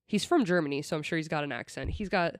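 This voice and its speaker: Young woman on a podcast, chatty true crime storytelling, lowish voice, dry close mic. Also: fast talker, dry recording. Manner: chatty, laughing asides. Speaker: podcast host. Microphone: desk mic.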